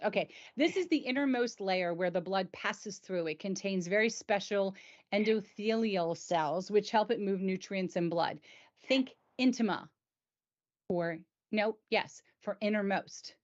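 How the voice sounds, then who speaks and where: A woman's voice: mid-range voice, normal speed. Chatty woman host, lo-fi sound. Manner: chatty, enthusiastic, stumbles over medical terms. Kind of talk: casual explainer chat. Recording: dull lo-fi sound.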